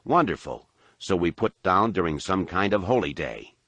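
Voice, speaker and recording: A man voicing a skeptical, gruff middle-aged father who mutters his lines, in a deep voice. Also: sing-song, normal speed, a bit bright, dry recording, highs cut off, heavily acted.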